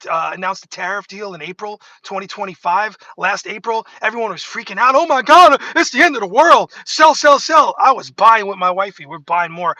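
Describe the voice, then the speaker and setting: A fairly high-pitched man with a bright, forceful voice rambles animatedly through a casual livestream chat. He keeps interrupting himself and restarting his thoughts. The sound is dry and close, with little room echo. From New York State. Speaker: livestream host. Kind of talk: casual talk to camera.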